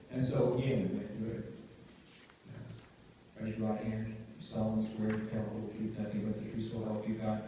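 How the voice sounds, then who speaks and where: A man giving a conference talk, telling a story and acting out the quotes with lively emphasis. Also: fairly low pitch, normal speed, pauses often, slight background noise. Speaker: conference speaker. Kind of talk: storytelling keynote speech. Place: large conference hall. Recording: echoey hall, voice from far off.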